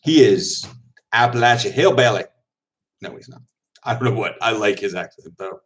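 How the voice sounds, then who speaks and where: With a lowish voice, a footballer loosely rambles through a casual livestream chat, responding to viewers' comments. He laughs a lot and drops in quick asides.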